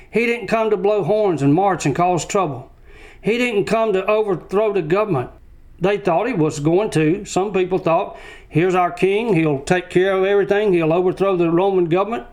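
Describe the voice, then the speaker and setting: High-voiced man preaching a sermon. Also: a little mellow. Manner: emphatic repetition of short phrases.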